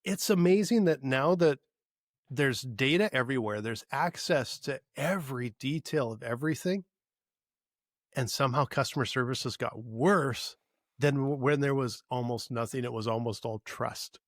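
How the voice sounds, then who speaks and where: A man's voice: mid-range voice, normal speed, no room sound, studio quality. A man co-hosting a podcast, casually telling a story with lots of fillers and restarts. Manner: storytelling, animated retelling with frequent fillers and restarts. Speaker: podcast co-host. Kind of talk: casual chat.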